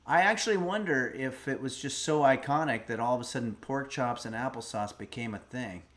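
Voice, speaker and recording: A man's voice: medium pitch, a bit bright. A middle-aged man hosting a livestream, musing aloud in a rambling, casual way as he reads donations and a recipe. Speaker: streamer host.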